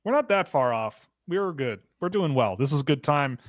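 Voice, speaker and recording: A man's voice: mid-range voice, animated, moderate pace, dry recording. A man from Britain hosting a casual live stream, joking and laughing as he reads out chat questions. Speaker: podcast host.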